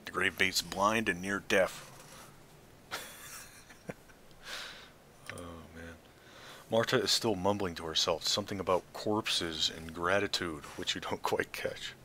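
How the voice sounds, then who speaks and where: A man's voice: low-pitched, steady tone, moderate pace, bright, forceful tone, slight background noise. A man hosting a let's play, reading game text aloud with dry, offhand asides. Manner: dry, offhand asides between read passages. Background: faint game music.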